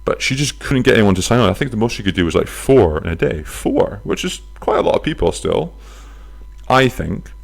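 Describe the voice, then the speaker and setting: A man hosting his own podcast, chatting casually from his flat, telling stories with silly voices and some swearing. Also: fairly low pitch, brisk, creaky, husky. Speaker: podcast host. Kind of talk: casual solo podcast chat. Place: flat near a bus stop.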